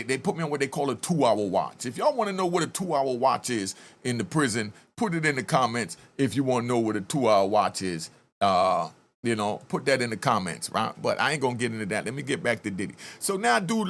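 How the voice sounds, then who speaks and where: Man, gravelly voice, animated pitch, casual commentary, storyteller acting out quotes. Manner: storyteller who acts out quoted speech and keeps urging viewers to comment. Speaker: channel host telling prison stories. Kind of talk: casual commentary over video.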